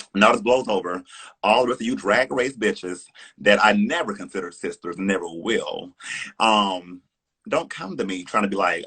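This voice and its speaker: A man's voice: on the low side, a bit bright, breathy edge. A man, a drag performer, ranting defiantly on a live stream, sassy and heated, swearing often and calling listeners honey.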